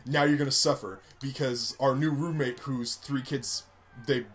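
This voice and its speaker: A man's voice: mid-range voice, fairly even intonation, moderate pace, slight background noise. A man co-hosting a casual gaming podcast, swearing freely and laughing through his stories. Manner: profane, laughing storyteller. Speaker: podcast co-host.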